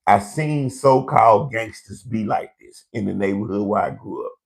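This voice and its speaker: A man's voice: fairly low pitch, moderate pace, creaky. A man hosting a live comedy show, ranting in a brash, profane storytelling way to online viewers.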